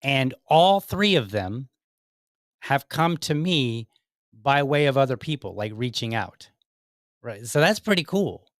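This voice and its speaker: A middle-aged man hosts a politics podcast in a loose, rambling way. He keeps cracking self-mocking dad jokes. His voice sits in an ordinary middle pitch, and the recording is dry and close. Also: sing-song, a little slow, no echo. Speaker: podcast host. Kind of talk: casual political podcast talk.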